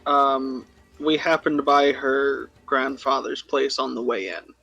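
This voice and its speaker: A man playing in a tabletop game, speaking at a mid pitch. He is measured and often pauses to find the right word. Faint music plays behind him. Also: steady tone, creaky, sharp tone, breathy edge, dry recording, poor audio. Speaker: player. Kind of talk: tabletop role-play.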